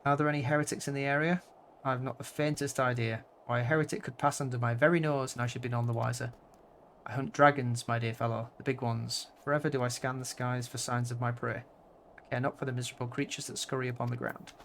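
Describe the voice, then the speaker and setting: A man's voice: medium pitch, flat delivery, fast, creaky, a bit bright, slight background noise. A man reading a haughty, boastful dragon hunter. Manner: lofty, old-fashioned speech.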